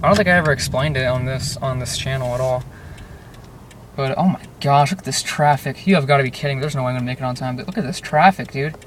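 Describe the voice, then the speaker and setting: A man's voice: medium pitch, fast. A young man rambling in a casual vlog while driving through traffic, with lots of fillers and restarts. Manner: rambling, restless, fillers and self-interruptions. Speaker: vlogger. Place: car in traffic. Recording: distant car-cabin audio with road noise. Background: car and road noise.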